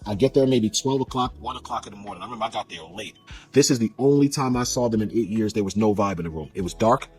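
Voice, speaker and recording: A man telling a personal story in a casual, animated way, acting out the dialogue as he goes. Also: on the low side, soft background music. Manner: fast, animated retelling with quoted dialogue.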